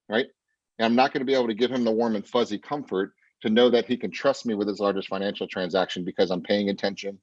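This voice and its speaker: A man's voice: mid-range voice, no room sound. Blunt man coaching a sales team. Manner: punchy and blunt, keeps asking "right?". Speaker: sales trainer. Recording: dull, dry, lo-fi sound.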